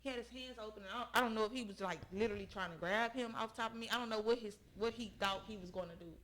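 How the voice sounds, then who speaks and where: A woman's voice: on the high side, racing, a bit bright. A young woman, a podcast guest, earnestly recounting a personal story in conversation and often checking in with her listeners.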